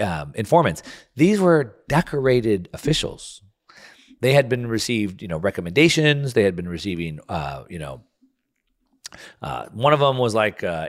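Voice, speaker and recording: A man hosting a talk show, ranting through political commentary with frequent restarts. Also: mid-range voice. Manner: heated, restarting and stumbling over words. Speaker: radio show host.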